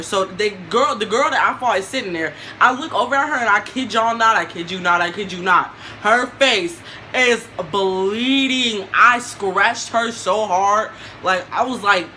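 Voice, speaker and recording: Young woman storyteller, casual vlog, bright and sharp voice, animated, slangy, faint background noise. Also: medium pitch, moderate pace, low-quality recording.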